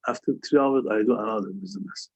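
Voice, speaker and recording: A man's voice: fairly low pitch, fast talker, highs cut off. A man teaching a calculus lesson over a video call, who keeps checking understanding with a questioning "yeah?". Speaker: math tutor.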